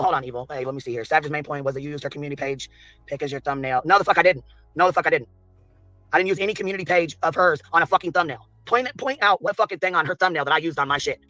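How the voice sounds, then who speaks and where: A man tearing through an angry livestream rant at a rapid clip, his high, bright voice pushed hard and tense. He swears nonstop and confronts someone directly, his delivery heated and combative. The sound is dry and close. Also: no room sound. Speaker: streamer ranting in a played clip.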